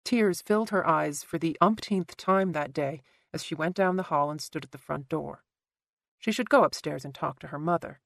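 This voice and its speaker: A woman narrating a thriller audiobook in a measured, even storytelling manner. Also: sits low, creaky, no room sound. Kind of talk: scripted narration.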